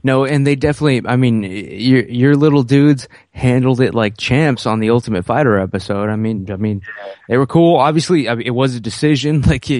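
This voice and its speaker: Relaxed male host, casual interviewer, dry studio sound. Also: medium pitch, no echo. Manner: laid-back, filler-heavy questions. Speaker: podcast host.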